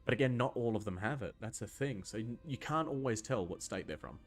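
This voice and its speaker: A man's voice: medium pitch, lively intonation, fairly quick, faint music behind. A young man from Scotland giving loose, rambling gameplay commentary and answering chat questions, with plenty of ums and restarts. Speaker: gaming video host.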